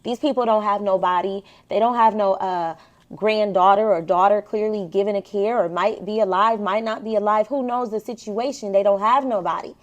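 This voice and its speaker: A woman's voice: medium pitch, moderate pace, highs cut off. Chatty woman telling a story to viewers. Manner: chatty, animated, addresses viewers directly. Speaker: vlogger. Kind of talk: casual storytelling vlog.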